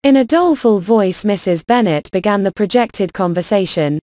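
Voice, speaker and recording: A woman narrating a classic novel as an audiobook, in an even, measured reading. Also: medium pitch, no echo, clean studio sound.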